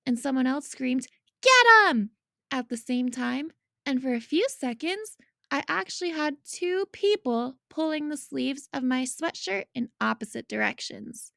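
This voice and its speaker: Gravelly woman reading a novel aloud. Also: high-pitched, measured pace, no echo, studio quality. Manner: lively storytelling. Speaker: reader.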